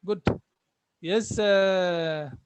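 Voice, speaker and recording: A man leads an online class over a video call, patiently sounding out letters and names again and again. His voice sits a little high for a man. The sound is dry and close, with no room around it. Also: steady tone, drawn-out words, smooth, dry recording. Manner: patient, repeats sounds for students. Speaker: Arabic teacher.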